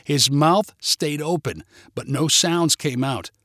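A man reading a humorous short story aloud with expressive, lively delivery. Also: on the high side, takes it slowly, no room sound, clean studio sound.

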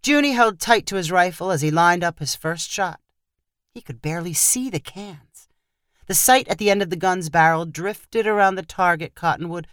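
A woman narrating a short story in an expressive storytelling manner. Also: fairly low pitch, smooth, no room sound, clean studio sound.

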